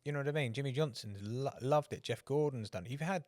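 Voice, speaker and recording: A man's voice: mid-range voice, fast, darkish tone, dry recording, studio quality. A man, co-hosting a motorsport podcast in casual chat, telling rambling anecdotes and swearing freely. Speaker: podcast co-host.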